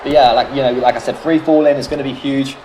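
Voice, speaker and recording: A British man calls a wrestling video game match alone in a mid-pitched voice, chatty and loose. He swears freely and wanders off into jokey tangents. A steady hiss of background noise runs beneath his voice. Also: quick pace. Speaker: solo commentator. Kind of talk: casual play-by-play commentary of a wrestling video game.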